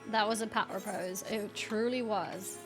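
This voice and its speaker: A woman's voice: medium pitch, fairly even intonation, a little slow, over music. A woman streamer chatting playfully while she plays and reads game text aloud. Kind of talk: casual gameplay commentary.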